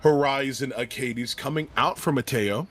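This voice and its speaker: A young man casting a live game tournament, breaking down plays quickly with a loose, jokey manner. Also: mid-range voice, a bit bright, soft background music. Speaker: esports caster.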